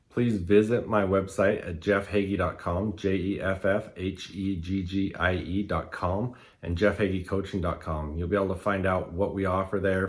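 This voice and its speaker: Upbeat man hosting a podcast. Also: deep voice. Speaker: podcast host, business coach. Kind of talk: casual interview and scripted outro.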